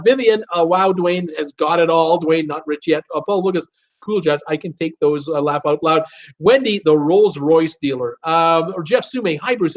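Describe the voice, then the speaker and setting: A man's voice: high-pitched, highs cut off. A man from Canada hosting a live cruise show from home, reading viewer comments aloud and joking along. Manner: chatty, reads names aloud and jokes along.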